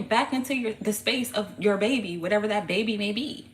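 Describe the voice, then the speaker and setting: A woman giving a casual tarot reading, talking in a blunt, profane, animated way full of slang. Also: mid-range voice, brisk, hardly any pauses, slight background noise. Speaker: tarot reader.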